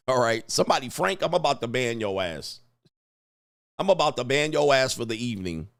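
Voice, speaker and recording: With a creaky, mid-range voice at normal speed, a middle-aged man hosts a casual livestream. He tells an animated story peppered with slang and laughter, reading out comments from his viewers.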